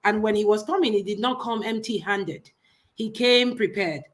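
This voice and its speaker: A woman's voice: mid-range voice, normal speed. A woman with a Nigerian accent, co-hosting a casual gossip chat, talking emphatically and mockingly and repeating words. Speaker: co-host.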